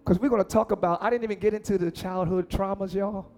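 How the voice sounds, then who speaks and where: A man preaching a lively sermon as pastor, acting out voices and shouting lines for emphasis. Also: high-pitched, quick pace, soft background music.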